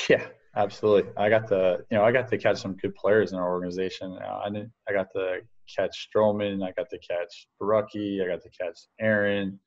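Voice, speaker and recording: A man's voice: on the low side, level tone, a little fast, hardly any pauses, lo-fi sound. A man, a baseball coach, chatting as a guest on an interview podcast, rambling with lots of fillers and restarts. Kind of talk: casual interview storytelling.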